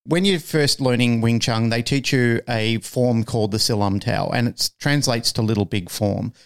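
A man's voice: mid-range voice, moderate pace, clear, resonant tone. A man co-hosting a podcast, telling a story casually and animatedly, swearing freely and acting out the lines he quotes. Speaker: podcast co-host.

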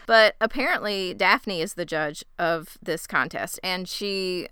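A woman co-host retells a TV episode in playful, sarcastic chat. Her voice is bright and remarkably clean. It sounds dry and close, with no room around it. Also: lowish voice, measured pace, clean tone, dry recording. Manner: playful, sarcastic, laughs often. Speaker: podcast co-host recapping a TV episode. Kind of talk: casual recap chat.

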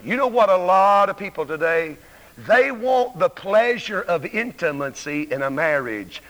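Southern evangelist man hollering a revival sermon, bright sharp voice, big echoey church sound. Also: sits high. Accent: Southern American. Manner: emphatic, stammering restarts, talks back to the congregation. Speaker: evangelist preacher. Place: church sanctuary. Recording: live church recording with long reverb.

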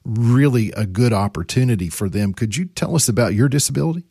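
A man hosting a podcast, introducing the episode and interviewing a guest in a friendly, lively way. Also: medium pitch, fast talker, husky, dry recording, studio quality. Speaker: podcast host.

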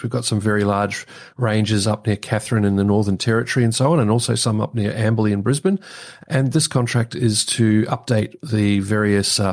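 A man's voice: fairly low pitch, darkish tone. A man from New Zealand with an Australian accent, a podcast co-host speaking in a wry, matter-of-fact way. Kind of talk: casual banter.

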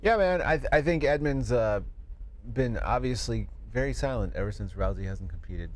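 A man's voice: medium pitch, expressive, normal speed. Laughing, rambling podcast host man. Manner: laughs often, rambling with fillers and profanity. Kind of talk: casual chat.

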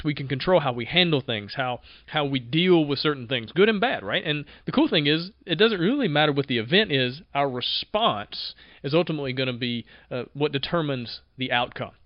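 A man hosting a podcast, talking in an energetic, conversational way and often repeating himself as he goes. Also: fairly high pitch, normal speed, no room sound, lo-fi sound. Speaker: podcast host. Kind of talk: casual motivational monologue.

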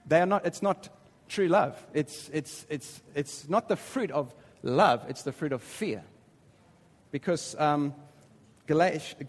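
A man preaching a sermon, reading scripture aloud and pressing his points with emphatic repetition. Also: a little high. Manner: emphatic, repeats words, reads scripture aloud. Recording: long hall reverb.

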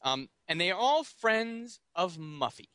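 A man co-hosting a podcast in casual chat, quick-witted and giggly, with many ums as he sums up a plot. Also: sits high, big pitch swings, pushed and bright, dry recording. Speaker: podcast co-host.

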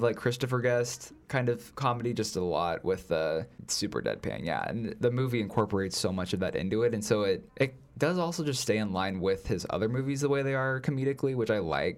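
Low-voiced man with a lively, rambling delivery. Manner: rambling, heavy use of "like" fillers. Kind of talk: casual film review chat.

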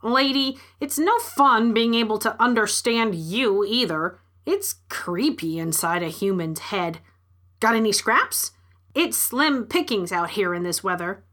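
A woman's voice: mid-range voice, animated, unhurried, fairly bright tone. A woman doing a smoky, growling raccoon. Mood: wheedling. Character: sardonic hungry male street raccoon.

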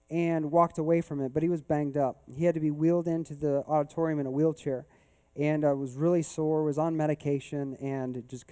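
A man's voice: on the high side, warm tone, smooth. A male pastor preaching a sermon at a church service. He tells a story in a conversational way, then builds to emphatic rhetorical questions.

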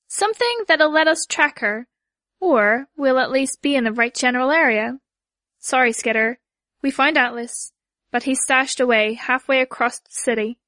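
A woman narrating a novel aloud in an even, unhurried reading voice. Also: high-pitched, no room sound. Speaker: audiobook narrator.

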